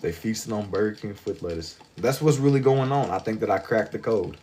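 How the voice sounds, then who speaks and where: A man's voice: fairly low pitch, a little fast, warm tone, slight background noise. A sleepy man chatting casually and rambling on a livestream as he draws, with a drawling, meandering manner and lots of repetition. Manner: drawling, meandering, slangy, repeats himself. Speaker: livestream artist. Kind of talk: casual rambling chat while drawing.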